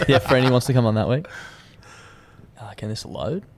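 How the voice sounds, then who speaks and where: A man's voice: mid-range voice, a little slow, heavy background noise. A man, co-hosting a podcast, laughing and introducing voicemails. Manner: laughing, lively, playing voicemails. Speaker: podcast co-host. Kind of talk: casual chat.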